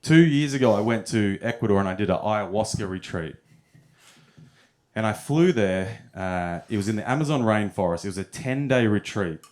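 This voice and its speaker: A man's voice: fairly low pitch, animated, normal speed, darkish tone. A young man telling stories in a stand-up set at a comedy club, often chuckling at his own punchlines.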